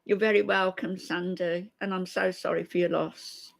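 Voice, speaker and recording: A woman's voice: lowish voice, level tone, moderate pace, creaky. A middle-aged woman hosting a casual live stream, chatty and greeting her viewers one by one by name. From from an Irish family. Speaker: commentary channel host.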